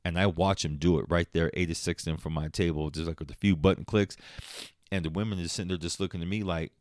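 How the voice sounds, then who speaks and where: Deep-voiced man ranting on his podcast. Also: steady tone, quick pace, no room sound, studio quality. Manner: profane, heated, laughs at himself. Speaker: podcast host. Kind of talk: late-night solo podcast rant.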